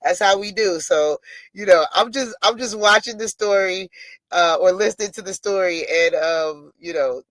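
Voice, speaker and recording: New stream host, laid-back and amused, somewhat high, dry close sound. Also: male voice, normal speed, a bit bright, no room sound. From New York. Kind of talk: casual reaction commentary.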